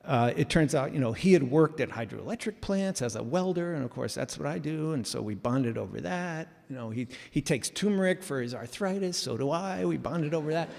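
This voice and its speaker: A man telling a story live in a casual, animated way with self-mocking humor, heard in a reverberant hall. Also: fairly high pitch, brisk, gravelly, few pauses.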